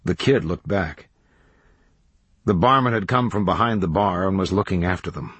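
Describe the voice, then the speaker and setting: A male audiobook narrator with a deep, husky voice reads scripted narration in a measured, even storytelling manner. The recording is dry.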